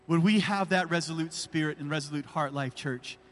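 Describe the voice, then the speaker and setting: Higher-voiced pastor preaching in an echoing hall. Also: male voice, a little fast, fairly bright tone. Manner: emphatic, repeated rhetorical questions. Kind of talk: sermon. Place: church. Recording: reverberant church hall.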